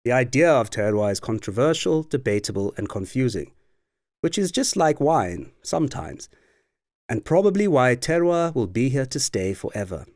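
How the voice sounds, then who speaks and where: A man giving scripted educational narration for a wine course, with a clear, explanatory delivery. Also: mid-range voice, sing-song, normal speed, a little mellow, no echo, studio quality.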